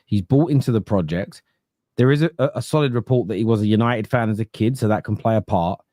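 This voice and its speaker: A man's voice: lowish voice, fast talker, dark tone, dry recording, studio quality. A man hosting a casual football podcast, arguing emphatically and stumbling over repeated words as he starts sentences. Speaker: podcast host, fan pundit.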